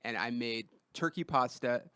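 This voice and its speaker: A man hosting a podcast in a studio, telling a story in casual chat and getting loud when he acts out quotes. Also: medium pitch, moderate pace, clean tone, dry recording. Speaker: podcast host. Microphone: studio mic.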